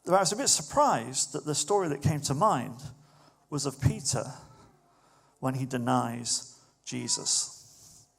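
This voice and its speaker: Gravelly man preaching a casual sermon. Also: mid-range voice, a little slow, long pauses. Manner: conversational, animated when quoting others. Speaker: pastor.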